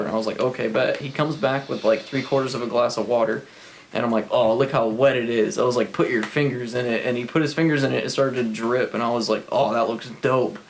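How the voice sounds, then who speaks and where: A young man co-hosting a podcast who tells an animated story full of swearing. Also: medium pitch, rough recording. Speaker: podcast co-host. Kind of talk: casual storytelling chat. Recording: faint background noise.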